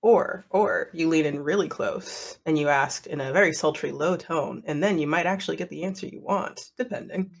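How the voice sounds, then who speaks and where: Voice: medium pitch, moderate pace, gravelly, few pauses. A tabletop player chatting casually and thinking aloud. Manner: laid-back, thinking aloud.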